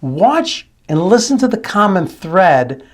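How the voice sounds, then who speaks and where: A man's voice: sits high, big pitch swings, slow. A man working as a dialect coach, explaining things and mimicking accents to make his points. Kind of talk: video analysis commentary.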